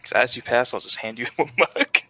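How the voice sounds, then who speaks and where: A man playing a tabletop game, playful and quick to laugh. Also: mid-range voice, lively intonation, sharp tone. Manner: giggly, playful. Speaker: player. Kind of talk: casual tabletop play. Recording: dull, dry lo-fi mic.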